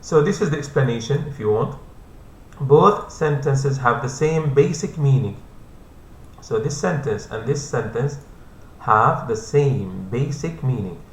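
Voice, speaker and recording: A man teaching an English grammar lesson, repeating each point slowly and patiently, speaking English as a second language with Arabic as his first. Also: mid-range voice, expressive. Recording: echoey room, faint hum.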